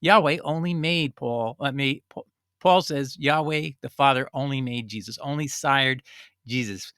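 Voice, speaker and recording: A man's voice: mid-range voice, a little slow, fairly bright tone, smooth, no echo, clean studio sound. A man giving an informal, earnest Bible study, reading scripture aloud and explaining it in a conversational way. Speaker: Bible teacher.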